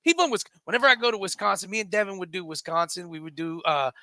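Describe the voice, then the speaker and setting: A man's voice: high-pitched, animated, rapid-fire, sharp tone, dry recording. A man co-hosting a comedy radio talk show, telling jokey stories and acting out the voices he quotes. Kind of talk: casual comedy radio banter.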